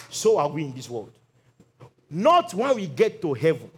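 Brief: male pastor, high voice, lively sermon storyteller who voices the characters and calls for hallelujah. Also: moderate pace, slightly rough. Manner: animated storytelling, acts out Bible quotes.

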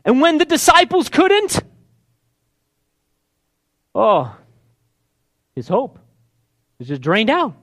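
A man's voice: extremely high pitch, huge pitch swings, takes it slowly, pauses often, a bit bright. A man preaching a sermon, telling a story with energy and acting out the characters' voices. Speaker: pastor.

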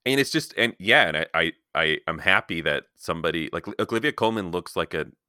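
A man's voice: low voice, lively intonation, a little fast, pushed and bright, clear, resonant tone, dry recording, clean studio sound. A man hosting a film podcast, chatting casually and giving his opinions with lots of "like" fillers. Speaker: podcast host. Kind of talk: casual film-review chat.

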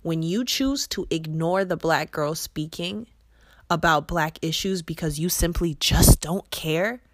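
A young woman hosting a podcast, delivering a blunt, profane, impassioned monologue that swings between yelling and quiet intensity. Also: low voice, a little slow, dry recording, studio quality. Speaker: podcast host.

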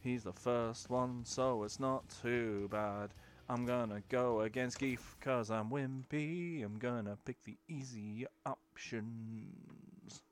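A man's voice: mid-range voice, slow pace. A young man giving casual gameplay commentary, chatty and rambling, often breaking off into baby talk. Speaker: gaming video creator.

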